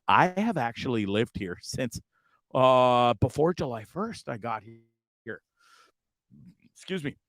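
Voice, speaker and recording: A man's voice: medium pitch, no room sound, clean studio sound. A man hosting a casual live stream from a campground. He rambles, swears freely, trips over his words, and sounds openly frustrated. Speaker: livestream show host.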